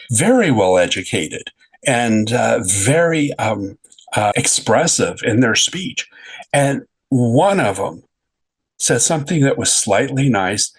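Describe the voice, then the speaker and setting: A middle-aged man, a podcast guest, telling a personal story in a halting way, often repeating and correcting his words. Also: medium pitch, breathy edge, low-quality recording.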